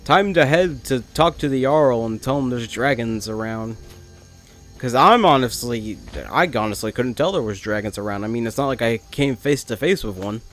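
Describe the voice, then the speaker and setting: A man's voice: mid-range voice, normal speed, a bit bright, faint music behind. A young adult man hosting a let's play, rambling and making sarcastic jokes at the game characters. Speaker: gaming channel host.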